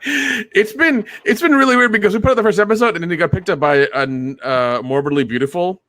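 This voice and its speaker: A man chatting as a podcast guest, halting and often repeating his words. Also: sits high, a bit bright, no echo. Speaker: guest, fellow channel creator. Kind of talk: casual chat.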